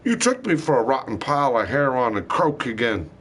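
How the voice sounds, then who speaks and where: A man's voice: medium pitch, big pitch swings, a little fast, a bit bright, breathy edge. A man delivering a rambling, angry monologue, swearing heavily and hurling accusations. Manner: heated, profane, accusatory ranting.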